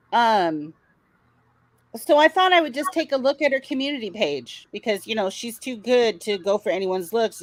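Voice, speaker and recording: A woman's voice: mid-range voice, no room sound, poor audio. A woman hosting a casual commentary show, talking in a blunt, sarcastic way and swearing freely. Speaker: commentary channel host.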